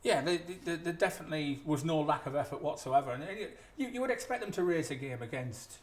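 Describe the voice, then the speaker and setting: A man on a fan panel, giving quick, eager opinions in casual chat. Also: a little high, expressive.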